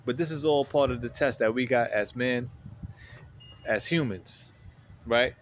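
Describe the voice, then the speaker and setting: A man telling a story in a casual vlog, animated and slangy, often checking in with the listener, outdoors on a city street. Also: medium pitch, unhurried, a little hiss or hum, low-quality recording. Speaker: vlogger.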